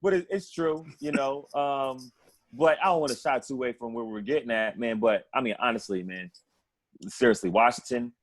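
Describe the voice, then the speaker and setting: A man's voice: medium pitch, normal speed. A man co-hosting a sports podcast in casual chat, rambling and profane, often laughing between his points. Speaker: podcast co-host.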